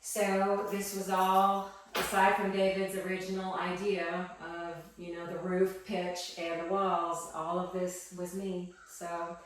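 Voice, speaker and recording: A woman giving an emotional personal testimony, talking in a soft, halting way with many pauses and restarts in her small wooden chapel. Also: fairly low pitch, completely flat delivery, slight background noise. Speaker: interviewee. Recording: echoey room from some distance.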